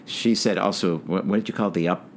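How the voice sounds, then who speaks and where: Deep-voiced man hosting, hesitant. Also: quick pace. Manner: hesitant, many fillers and restarts. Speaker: interview host. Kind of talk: conversational interview. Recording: faint background noise.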